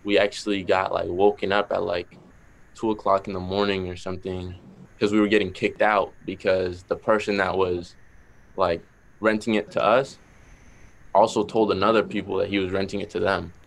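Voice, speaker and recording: A young man with a Boston accent, a musician talking casually in an interview, relaxed, with lots of "like" fillers. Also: deep voice, moderate pace, creaky. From Massachusetts. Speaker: musician guest.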